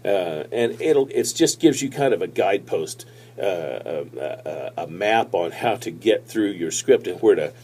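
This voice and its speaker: A man giving casual tips on presenting, talking to a tablet camera in a relaxed, rambling way with many fillers and restarts. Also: deep voice, a little slow, breathy edge. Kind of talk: casual instructional talk to camera. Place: seated, recording on a tablet. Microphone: tablet's built-in mic.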